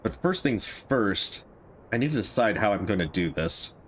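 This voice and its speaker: A man's voice: on the low side, very animated, normal speed, fairly bright tone, a little hiss or hum. A man streaming a survival game, giving casual commentary and thinking aloud over his choices.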